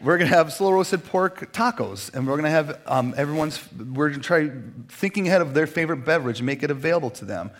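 A middle-aged man, preaching a sermon in a lively storytelling way and acting out the voices he quotes. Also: a little high, fast, hardly any pauses. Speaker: pastor.

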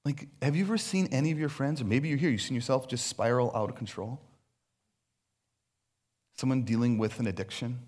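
A man's voice: mid-range voice, brisk, pauses often, darkish tone. A man preaching a sermon on stage in a loose, conversational way, acting out little voices as asides. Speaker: pastor. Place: on stage before a congregation.

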